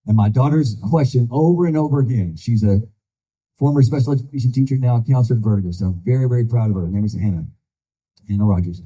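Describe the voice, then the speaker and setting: A man's voice: mid-range voice, fast, mellow, slightly rough, rough recording. An older man giving a folksy, earnest campaign speech, telling stories to a crowd of supporters. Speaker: political candidate.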